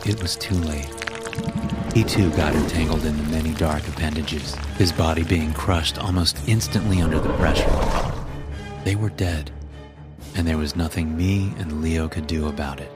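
A man narrating a scripted horror story in a measured, grim way. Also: extremely low pitch. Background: background music.

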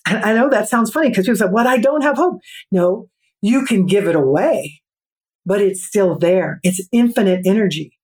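A middle-aged woman, a podcast guest, telling a personal story in an earnest, reflective way and slowing down for emphasis. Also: medium pitch, darkish tone. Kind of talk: storytelling in an interview.

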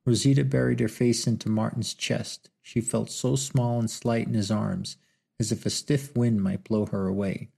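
A man's voice: lowish voice, level tone, normal speed, creaky, warm tone, husky. A man reading a novel aloud as audiobook narration, in a dry, wry storytelling manner. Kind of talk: scripted narration.

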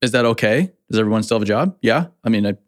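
A man's voice: lowish voice, expressive, fast, dry recording, studio quality. A man hosting a casual company podcast, speaking bluntly as a founder and repeating his points for emphasis.

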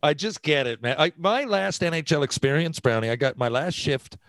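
A man hosting a casual interview who swings from low murmurs to loud, excited outbursts. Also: a little fast, dry recording. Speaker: podcast host, former player.

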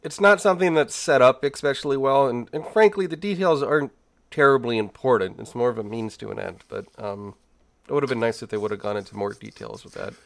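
A man co-hosting a relaxed podcast discussion. He speaks in a measured, thoughtful way and pauses on fillers, and his voice sits at a middle pitch. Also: vocal fry, dry recording. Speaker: podcast co-host. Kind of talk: casual discussion.

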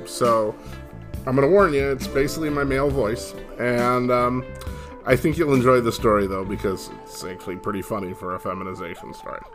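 A man's voice: mid-range voice, brisk. Chatty middle-aged man over guitar music. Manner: chatty and self-deprecating, with fillers. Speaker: podcast host. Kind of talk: casual spoken introduction.

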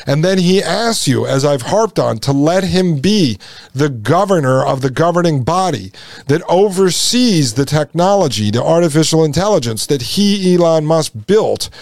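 A man's voice: fairly high pitch, lively intonation, normal speed, gravelly, a little mellow, no echo. A man hosting a political commentary podcast, emphatic and repetitive, often calling his listeners folks. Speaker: podcast host.

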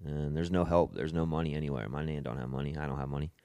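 A young man, a podcast guest, telling his own story in a halting way, repeating words and swearing casually. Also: very deep voice, little pitch movement, mellow, dry recording. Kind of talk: personal storytelling.

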